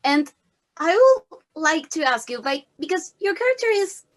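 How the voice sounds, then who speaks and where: A woman with an Argentine accent, a native Spanish speaker, asking an actress questions in chatty, slightly halting English. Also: sits high, very animated. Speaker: film interviewer. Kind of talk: interview questions.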